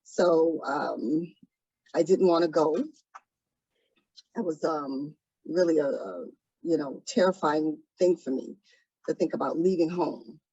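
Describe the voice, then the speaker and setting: A woman recounts her past in a soft, hesitant interview voice, often pausing to gather herself. Her voice has a husky edge. The sound is dry and a little dull, like a lo-fi recording. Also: low-pitched, no echo. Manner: soft-spoken, hesitant, many pauses and ums. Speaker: trafficking survivor guest. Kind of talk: interview testimony.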